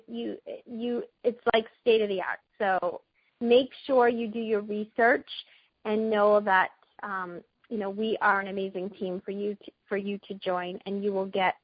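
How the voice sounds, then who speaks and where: A woman with a Boston accent rattles through a recorded sales call, quick and upbeat. Her voice is husky and breathy. The sound is dry and dull, like a lo-fi call line. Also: a little high, no room sound. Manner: fast, upbeat, chatty with small laughs. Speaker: team leader hosting a business call.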